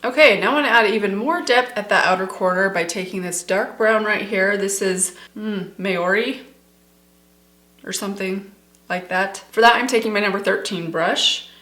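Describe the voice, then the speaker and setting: In an echoey room, a middle-aged woman does a makeup tutorial, chatting casually and enthusiastically and calling her viewers "you guys." She speaks a little fast at a medium pitch, with a bright, forceful tone.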